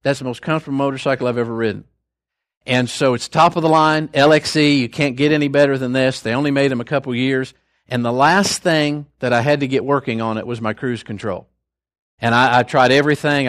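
An older man delivering a sermon at a mid-range pitch, easing into casual stories and folksy asides between Bible points. The sound is dry and close, with no room echo. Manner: conversational, storytelling, folksy asides. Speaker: preacher.

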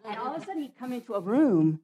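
A woman's voice: a little high, big pitch swings, fast talker, mellow, highs cut off. A woman telling a story at a church talk, acting out the voices and laughing often.

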